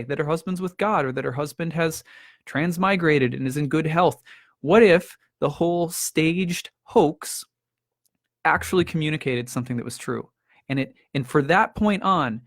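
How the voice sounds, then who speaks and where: A man's voice: fairly high pitch, no room sound, clean studio sound. A man, an astrologer talking casually to camera, reflective and full of rhetorical questions, often restarting his sentences. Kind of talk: casual spoken talk to camera.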